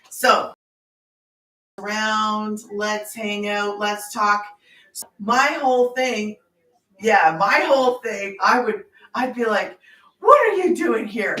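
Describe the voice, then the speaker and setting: A woman's voice: mid-range voice, fairly bright tone, recorded from a distance. A middle-aged woman hosting a casual livestream about her online business, talking in a rambling, emphatic way. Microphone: phone. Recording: roomy sound, off-mic.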